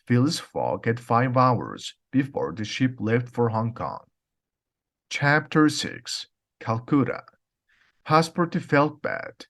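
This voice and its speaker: Slow, lively male storybook reader. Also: medium pitch. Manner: slow, clear storytelling for learners. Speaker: audiobook reader. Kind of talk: graded reader narration.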